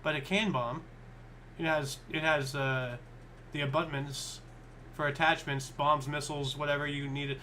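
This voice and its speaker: A man's voice: a little high, steady tone, a little slow, bright, forceful tone, a little hiss or hum. A man co-hosting a history show, chatting casually and thinking aloud as he reads. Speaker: co-host.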